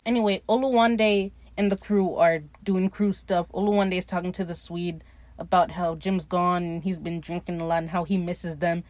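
A woman's voice: fairly low pitch, fairly even intonation, moderate pace, a little mellow, no room sound. A woman hosting a casual podcast, recapping a TV episode in a chatty, profane way with frequent laughs. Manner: chatty, swears freely, laughs often.

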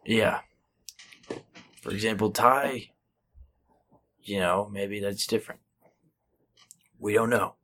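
Young male co-host, low sharp voice, dry offhand delivery. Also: steady tone, takes it slowly, long pauses. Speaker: podcast co-host. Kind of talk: casual chat.

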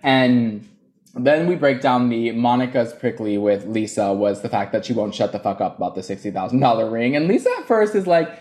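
A man hosting a podcast in casual chat, recapping with animated gossip and frequent laughter. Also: mid-range voice, a little fast. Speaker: podcast host.

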